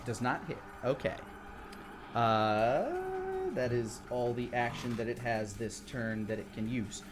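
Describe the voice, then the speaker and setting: A man's voice: mid-range voice, measured pace, noisy background. A man running a tabletop role-playing game as game master, narrating the action and counting out rolls. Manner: lively, counts dice out loud, animated narration.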